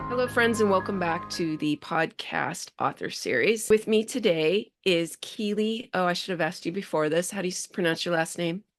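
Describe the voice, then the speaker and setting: A woman's voice: fairly low pitch, normal speed, hardly any pauses, soft background music. A woman hosting a podcast, talking in a chatty, enthusiastic way with frequent restarts. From Bay Area, California. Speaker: podcast host. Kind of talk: casual interview.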